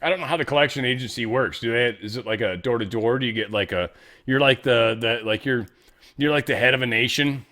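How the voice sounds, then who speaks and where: A man's voice: mid-range voice, a little fast, pushed and bright. A man hosting a casual news commentary show, rambling through stories with profane, jokey asides. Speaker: show host.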